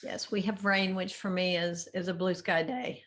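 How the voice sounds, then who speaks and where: A woman's voice: lowish voice, steady tone, normal speed, fairly bright tone, slight background noise. A woman co-hosting a casual spiritual talk over a video call, often agreeing and finishing her partner's thoughts. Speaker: co-host.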